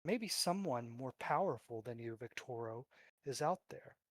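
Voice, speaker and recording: A man's voice: mid-range voice, lively intonation, a little slow, slight background noise, natural voice. A man voicing a cold scheming demon lord. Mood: scornful. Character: sly scheming male demon lord in disguise.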